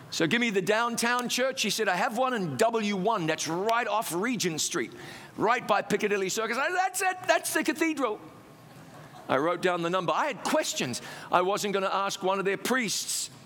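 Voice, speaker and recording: A man preaching, telling his own testimony as a lively, self-mocking story. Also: fairly high pitch, big-room sound, a little hiss or hum.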